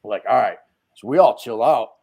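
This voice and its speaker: A man's voice: medium pitch, fairly quick, creaky. Man from New telling a rowdy story. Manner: animated storyteller, acts out quotes, swears casually. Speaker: guest, dent repair tech. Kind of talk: casual storytelling chat. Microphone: video call.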